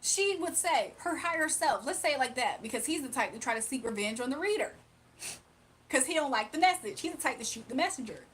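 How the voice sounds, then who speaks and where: High-voiced woman giving a spiritual reading. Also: expressive, a little fast, fairly bright tone, slight background noise. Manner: casual, emphatic, repetitive. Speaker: spiritual reader.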